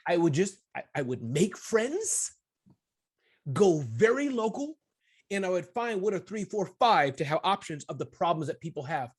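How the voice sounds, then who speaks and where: A man with a husky, somewhat high voice talks as a guest entrepreneur. He keeps addressing his host by name and plays out small scenes as he explains his point. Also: sing-song, moderate pace. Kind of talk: conversational summit interview.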